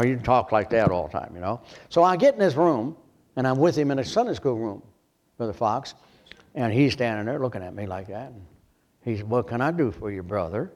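An older man from Michigan preaching a sermon as pastor, telling his story in a hushed voice and then rising to loud pleading. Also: medium pitch.

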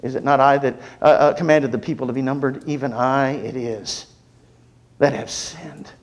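A man preaching a sermon, moving from humorous storytelling to earnest, quieter exhortation. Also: medium pitch, steady tone, moderate pace.

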